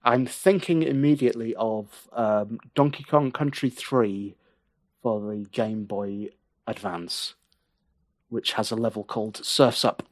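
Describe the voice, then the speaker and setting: A man's voice: fairly low pitch, steady tone, measured pace. A man who is a guest on a casual podcast. He laughs often and plays along with mock indignation.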